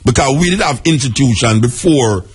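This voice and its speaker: A man's voice: mid-range voice, lively intonation, moderate pace, slightly rough. A Jamaican man hosting a radio talk show, speaking emphatically and repeating his key points. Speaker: radio host.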